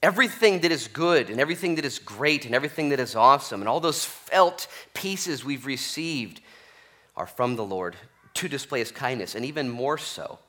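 A man preaching a conversational Bible-study sermon as pastor, animated and jokey, often checking in with "okay?". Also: lowish voice. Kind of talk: expository sermon.

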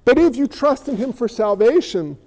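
Middle-aged pastor guy preaching, really high voice, jokes and acts out bits. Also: normal speed, poor audio. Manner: animated preaching with acted-out quotes and humor. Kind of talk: sermon.

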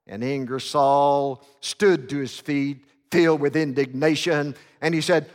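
A man's voice: on the high side, normal speed, hardly any pauses. A man preaching a sermon, telling a story dramatically and often stumbling over fillers and restarts. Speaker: pastor. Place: church sanctuary. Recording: long reverb of a church sanctuary.

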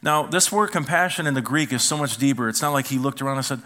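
A man's voice: medium pitch, fast talker. A man, a pastor, preaching a conversational sermon and asking the congregation questions. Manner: animated, asks the congregation questions.

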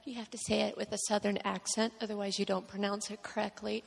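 A woman from Georgia giving an emotional personal testimony at church, halting with many pauses. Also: medium pitch, little pitch movement, gravelly, long reverb tail. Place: church sanctuary.

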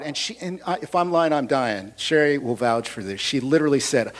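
High-voiced pastor telling a funny story. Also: male voice, animated, moderate pace, few pauses. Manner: storytelling, humorous asides, audience questions. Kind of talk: sermon with personal story.

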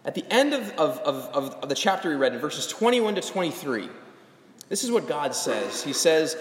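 A young adult man preaching a sermon as a pastor, animated and rising to emphatic calls. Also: on the high side, normal speed. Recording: echoey hall.

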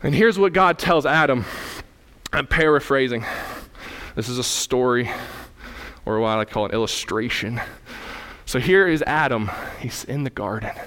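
A man's voice: mid-range voice, unhurried, pauses often, a bit bright. A male pastor preaching a sermon in a conversational way, asking the congregation questions and acting out little dialogues as he tells a story.

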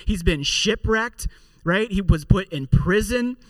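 Higher-voiced man preaching a sermon. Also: animated, measured pace, no echo, distant mic. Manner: conversational preaching with joking asides. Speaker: pastor.

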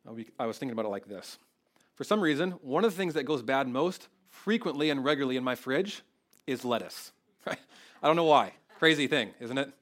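A man's voice: mid-range voice, expressive, a little fast, fairly bright tone. A man preaching a sermon, earnest and conversational, often restarting his phrases and growing emotional. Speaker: pastor.

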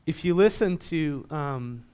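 Pastor, male, slightly high voice, sermon delivery that swells to emphatic on readings. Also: lively intonation, takes it slowly, clean tone. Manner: asks the congregation questions, rises loud when reading scripture.

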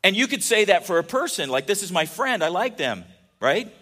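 A man's voice: high-pitched, sing-song, fairly quick, pushed and bright, slightly rough. A man preaching a casual, joking sermon, telling stories and often restarting his sentences. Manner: chatty and joking, with many restarts. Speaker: pastor.

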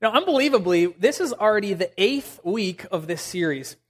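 A man's voice: high voice, lively intonation, normal speed. A young man preaching a casual, humorous sermon to a church congregation, joking and using many fillers. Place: church sanctuary.

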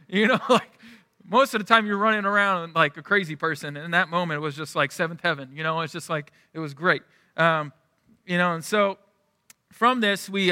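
A man's voice: sits high, bright, forceful tone, dry recording, studio quality, long reverb tail. A male pastor preaching a sermon in a conversational, storytelling way, often restarting his sentences.

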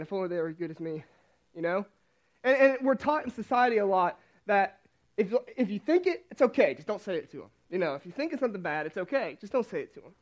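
A young man with a high voice preaches in a relaxed, chatty way, stumbling and restarting as he tells a story about himself. The recording sounds dull and lo-fi. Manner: chatty, self-deprecating storytelling with many restarts. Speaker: youth pastor. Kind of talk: casual sermon with personal story.

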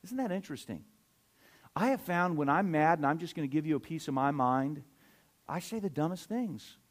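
A middle-aged man, a pastor preaching a sermon, swinging between loud emphatic surges and quiet asides. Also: a little high, lively intonation, normal speed.

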